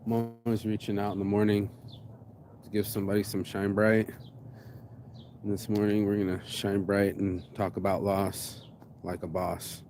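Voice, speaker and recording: A man's voice: on the low side, little pitch movement, moderate pace, darkish tone. A man from Las Vegas talking to camera in a heartfelt, rambling motivational monologue, swinging between sighs and emphatic outbursts. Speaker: vlogger. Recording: noisy ambient background.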